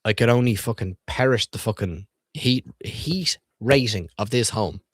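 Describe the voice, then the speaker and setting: A man in a clean studio recording with no room sound speaks a little slowly in a mid-range voice. On stream, he reads children's books aloud and reviews them with casual comedic commentary, swearing, irreverent jokes, and viewer quizzes.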